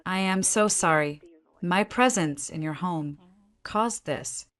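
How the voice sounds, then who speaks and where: A woman voicing an angry, protective mother who speaks low, her voice vibrating with anger. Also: takes it slowly, fairly bright tone. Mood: guilty. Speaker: narrator's mother.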